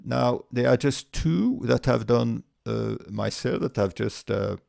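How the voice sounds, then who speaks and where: A man with a voice walking through a spreadsheet tutorial step by step, relaxed, with frequent fillers and restarts. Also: mid-range voice, slow pace, vocal fry, dry recording, clean studio sound. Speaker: tutorial presenter. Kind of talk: screen-recorded software tutorial.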